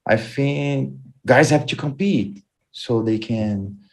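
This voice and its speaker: Guy talking slow and halting, lots of restarts, sounds far from the mic. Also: mid-range voice, darkish tone. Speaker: guest co-host. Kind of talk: casual chat.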